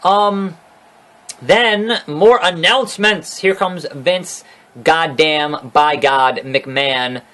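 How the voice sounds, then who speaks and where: A man with a somewhat high voice gives a casual solo recap of a wrestling show. He rants and swears freely, with a sarcastic edge throughout. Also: drawn-out words, pushed and bright. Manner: ranting, profane, sarcastic.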